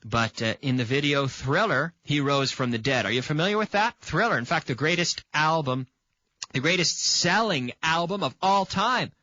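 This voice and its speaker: A man's voice: on the high side, lively intonation, normal speed, bright, forceful tone, no room sound, muffled recording. A man from Canada teaching an English grammar lesson on video. He repeats example sentences and checks in with the viewer by asking "okay?".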